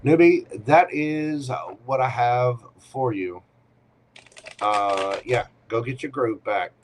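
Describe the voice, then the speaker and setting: A man's voice: mid-range voice, takes it slowly, slight background noise. A man hosting a live tarot Q&A, giving readings in a playful, teasing way with short punchy commands.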